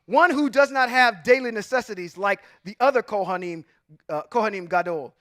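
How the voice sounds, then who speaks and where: High-pitched man teaching emphatically. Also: a little fast, pushed and bright, no room sound, studio quality. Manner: emphatic, rhetorical questions, chuckles often; informal, says y'all and come on now. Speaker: religious teacher. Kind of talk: Bible teaching to a group.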